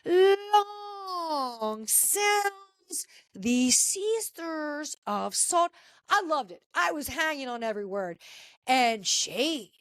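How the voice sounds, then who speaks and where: A woman hosts a podcast, recapping a reality TV episode in a casual, opinionated way and speaking directly to the cast members. Her voice is high and slightly bright, with no room sound.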